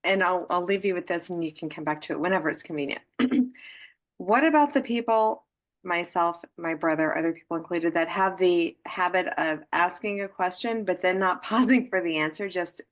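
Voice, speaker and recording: A woman's voice: lowish voice, moderate pace, muffled recording. A woman taking part in a webinar, asking a question in a hesitant, thoughtful way. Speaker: webinar participant.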